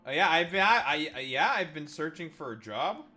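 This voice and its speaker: A man's voice: a little high, expressive, moderate pace, pushed and bright, faint music behind. A man hosting a livestream, trash-talking and teasing his chat in a mocking way. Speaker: livestream host.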